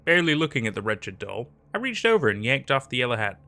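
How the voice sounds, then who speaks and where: Guy reading creepy stories, lively swooping voice, tense and dramatic, soft music under it. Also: mid-range voice, fast talker. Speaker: horror story narrator. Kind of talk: scripted horror narration. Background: faint background music.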